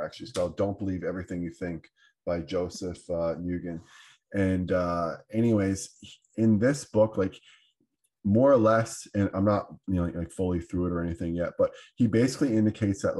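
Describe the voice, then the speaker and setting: Husky low-voiced Canadian man, halting. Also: darkish tone. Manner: hesitant, many fillers and restarts. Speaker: podcast host. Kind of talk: casual conversation.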